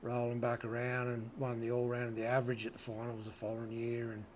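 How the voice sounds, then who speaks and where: Fast and monotone at a medium pitch, the Australian man shares rodeo stories casually as an interview guest. Easygoing and freely profane, he repeatedly asks "you know what I mean," and a little hiss or hum is audible.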